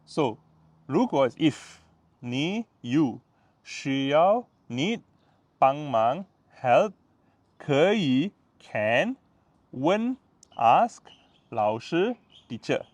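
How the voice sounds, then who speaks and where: A patient man with a Malaysian English accent walks through a casual vlog lesson, sounding out each word. His delivery is unhurried, and his pitch swings widely. The voice is close and dry, with almost no room sound. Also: very animated, dry recording. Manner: patient, repeats words slowly, tags sentences with "lah" and "ah". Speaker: language tutor.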